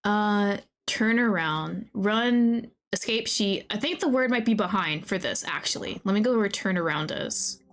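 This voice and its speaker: A young woman streaming a game, talking to the characters, excitable and often laughing or swearing. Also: medium pitch, measured pace, few pauses, slight background noise. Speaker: VTuber streamer. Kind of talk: casual gameplay commentary.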